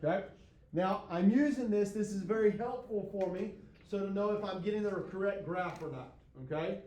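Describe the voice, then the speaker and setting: A man's voice: sits high, normal speed, a little mellow, reverberant. A man teaching a math class, lecturing in a folksy, self-deprecating way and often checking in with his students. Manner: frequent check-ins with the class.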